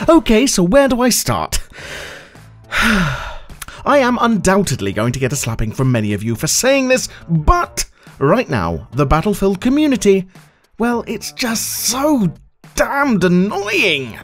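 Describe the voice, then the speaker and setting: A man's voice: high voice, huge pitch swings, measured pace, faint music behind. A man delivering a sarcastic, exasperated rant as a gaming channel host, swearing freely. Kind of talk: ranting video commentary.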